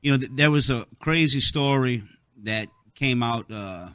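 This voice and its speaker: A man's voice: mid-range voice, unhurried, a bit bright, clean tone, dry recording. A man hosting a talk radio show, rambling through a casual monologue with many fillers, and he has the hiccups.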